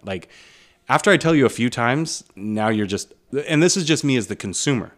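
A man's voice: mid-range voice, animated, moderate pace, a bit bright. A man co-hosting a casual podcast, telling a long rambling anecdote and quoting people as he goes. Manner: rambling anecdotal storyteller, mimics others in quotes. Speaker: podcast co-host. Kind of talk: casual storytelling chat.

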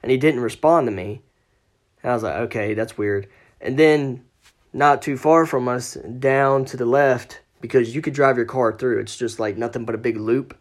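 A man's voice: medium pitch, moderate pace. A man telling a ghost story as a podcast guest, casual and profane, acting out the quoted lines.

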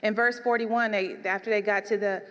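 A woman preaching a sermon, animated, swinging between soft and emphatic delivery. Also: mid-range voice, brisk, clean tone, in a large hall.

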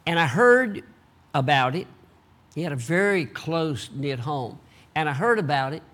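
An older man preaches a sermon in a high, lifted voice. He surges into loud, animated bursts and then drops into low, quiet asides. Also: normal speed.

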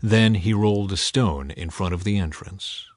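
A man's voice: low voice, moderate pace, no echo, studio quality. A man reading a Bible passage aloud with dramatic emphasis, his voice swelling on the quoted cries. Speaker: scripture reader.

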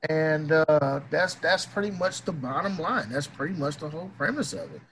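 Emphatic, profane man with a bright voice. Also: fairly high pitch, sing-song, normal speed, slight background noise, poor audio. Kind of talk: casual opinion rant.

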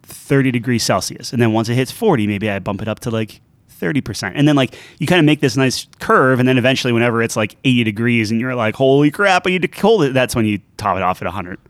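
A man's voice: mid-range voice, quick pace, no echo. A man co-hosts a casual podcast, wandering off on tangents with hesitant restarts. His voice sits in a mid range, recorded dry and close on a studio mic. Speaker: podcast co-host. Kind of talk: casual chat. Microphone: studio dynamic microphone.

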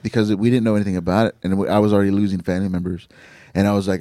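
A man hosting a podcast, asking short follow-up questions and reflecting on his own life in relaxed, casual talk. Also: deep voice, racing, no room sound, clean studio sound. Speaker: podcast host and comedian. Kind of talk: casual interview chat.

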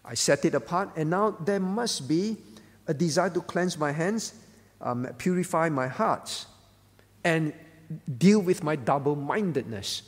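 Man, pastor, earnest sermon, somewhat high voice, repeats phrases. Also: lively intonation, unhurried. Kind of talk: sermon at a prayer meeting. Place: church hall. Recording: church hall with long reverb.

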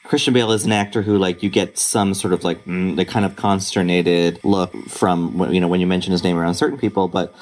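A man's voice: sits low, steady tone, a little fast, hardly any pauses. A man co-hosting a podcast, musing casually with many restarts and fillers. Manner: rambling, hesitant, many fillers. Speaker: podcast co-host and critic. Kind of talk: casual panel chat.

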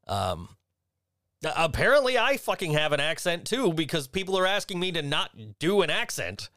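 A man's voice: on the high side, sing-song, normal speed, pushed and bright, no room sound, studio quality. A man with a Western New York accent, chatting casually as a podcast co-host, swearing often, laughing and trailing off into asides. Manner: profane, laughing, rambling asides. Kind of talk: casual chat.

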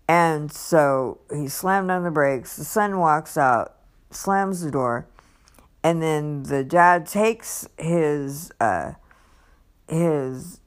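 A woman's voice: animated, slow, long pauses. A woman casually telling a personal story, rambling with lots of fillers and restarts and acting out other people's lines. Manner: acts out others' lines with raised pitch.

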